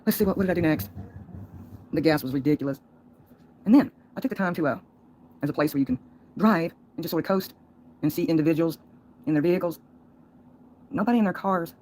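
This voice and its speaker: Rapid-talking rambling woman streamer. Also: sits low, warm tone, slight background noise, low-quality recording. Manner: folksy, rambling, laughs between thoughts. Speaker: livestreamer. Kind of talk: rambling livestream monologue.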